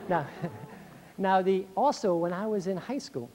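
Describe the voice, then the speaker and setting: A man's voice: high voice, takes it slowly. A middle-aged man giving a motivational speech to school staff, acting out complaints in a raised voice. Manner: animated, acts out complaints in a raised voice. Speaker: speaker. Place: speech hall, recorded 1990.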